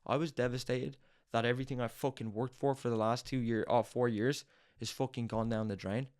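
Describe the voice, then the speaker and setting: Intense, swearing man. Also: medium pitch. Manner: intense, profane, hammering repetition. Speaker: podcast host. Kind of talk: motivational monologue.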